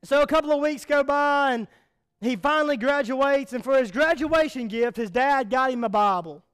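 A man's voice: very high voice, normal speed, a bit bright, smooth, soft background music. A man preaching a sermon as a pastor, telling a story earnestly and repeating words as he goes.

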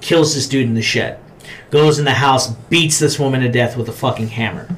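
A man co-hosting a podcast, talking casually about horror movies, swearing a lot and acting out scenes with sudden shouts. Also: medium pitch, fairly quick, a little hiss or hum. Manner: profane, animated storytelling with acted-out shouts. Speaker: podcast co-host.

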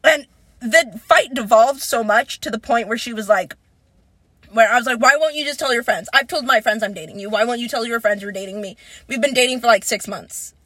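A young woman in casual chat, telling a story with strong emotion, swearing freely and rising into near-crying shouts. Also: fairly high pitch, a little fast, breathy edge, dry recording, rough recording.

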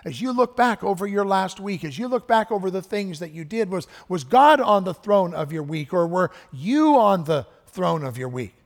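A man preaching a sermon as pastor, earnest, swinging between hushed and emphatic delivery. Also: high-pitched, animated, moderate pace, few pauses. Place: church sanctuary. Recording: echoey church hall with long reverb.

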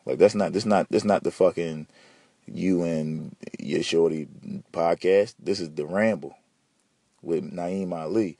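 A man hosting a podcast, ranting and telling stories in a slangy, profane, animated way. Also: deep voice, measured pace, dry recording. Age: adult. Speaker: podcast host. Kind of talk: casual solo podcast rant.

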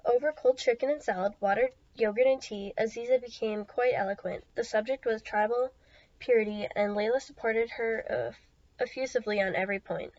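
A woman's voice: on the high side, steady tone, brisk, a little mellow, no echo, muffled recording. A woman hosting a book review podcast, reading passages aloud steadily and plainly, with small slips now and then.

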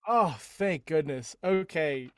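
Man, tabletop player, hesitant questions, high lively voice. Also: takes it slowly. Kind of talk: casual chat.

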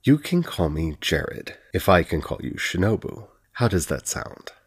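A man voicing a posh, smirking, predatory male curate with a drawn-out polite tone. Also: low-pitched, wildly swooping pitch, gravelly, breathy edge, heavily acted. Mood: teasing.

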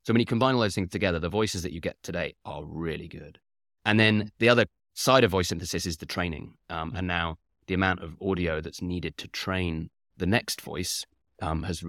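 This company founder speaks with a low-pitched, fairly bright voice, recorded dry at studio quality. He gives long interview answers, arranging his points methodically in numbered order and frequently filling gaps with "uh" and "you know."

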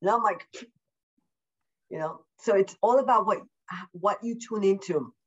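A woman as a podcast guest, talking in an effusive, upbeat way, repeating words for emphasis and deliberately slowing her speech. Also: mid-range voice, breathy edge, lo-fi sound. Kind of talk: casual interview chat. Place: at home.

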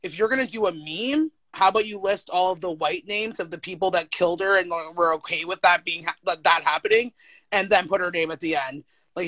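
A young adult speaker in a casual interview, heated and emphatic, leaning on "like" and breaking into quick laughs. The recording is dry and close, with no room sound. The voice sits at a middling pitch. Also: dry recording. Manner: emphatic, animated, full of "like" fillers and quick laughs. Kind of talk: casual conversation.

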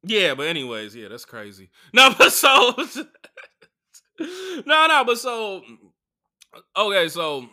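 Bright, animated comedy podcast host. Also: male voice, high voice, takes it slowly, long pauses. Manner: crude, animated, full of fillers. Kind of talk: casual comedic storytelling.

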